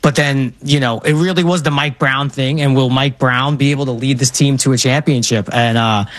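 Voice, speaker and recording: New york guy, thirties, excited storyteller, higher voice, dry close sound. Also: dry recording. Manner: animated, enthusiastic storytelling. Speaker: guest. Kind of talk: casual chat.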